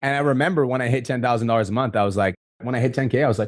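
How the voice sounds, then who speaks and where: In a clean studio with no echo, a man with a mid-range voice and fairly even intonation hosts a podcast. The chat is casual, and he speaks quickly, bluntly, and swears often.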